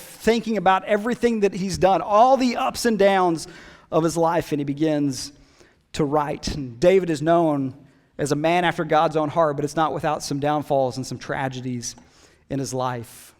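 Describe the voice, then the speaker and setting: A man's voice: a little high, long reverb tail. A man preaching a sermon as pastor, conversational and emphatic, with casual asides. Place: church hall.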